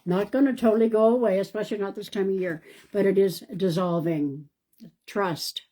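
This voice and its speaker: A woman, a psychic medium, doing a live-stream card reading in a calm, reassuring way and thinking aloud. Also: mid-range voice, moderate pace. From Canada.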